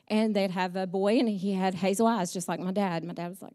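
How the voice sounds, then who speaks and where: Speaking at church, a middle-aged woman shares personal stories about her father, chatty and heartfelt, with frequent ums. Her voice is medium-pitched and warm, with fairly even intonation and a fairly quick delivery.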